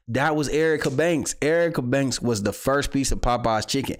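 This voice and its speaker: Male livestream host, casual commentary, jokey, swings loud to low, mid-pitched voice. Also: lively intonation, normal speed, hardly any pauses. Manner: loose and jokey, swings between loud bursts and low mutters.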